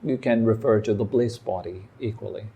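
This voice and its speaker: A man giving a meditation talk, calm and reflective, speaking in short phrases with pauses. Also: on the low side, creaky, husky. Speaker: meditation teacher. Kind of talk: dharma talk. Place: meditation hall.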